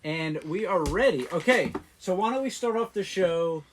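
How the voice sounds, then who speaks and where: Male co-host, slightly high voice, joking, casual live-chat delivery, faint hiss behind. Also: expressive, moderate pace. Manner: joking, laughs often, restarts.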